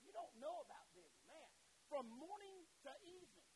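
A man's voice: extremely high pitch, very animated, moderate pace, background noise. A man preaching a sermon, impassioned and emphatic, repeating himself and breaking in with asides and fillers. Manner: impassioned, rising to loud emphatic peaks; repetitive, with frequent filler and "listen" asides.

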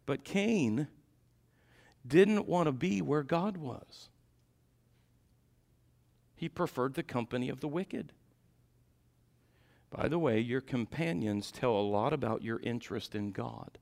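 A man preaching a sermon in a warm church, dropping to quiet asides and rising to loud climaxes. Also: expressive, takes it slowly, vocal fry, pauses often. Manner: swings from low asides to shouted climaxes.

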